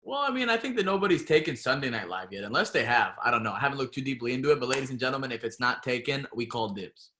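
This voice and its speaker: A man co-hosting a casual live-stream chat show, jokey and quick with banter. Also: medium pitch, sing-song, bright, forceful tone, slight background noise. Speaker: co-host.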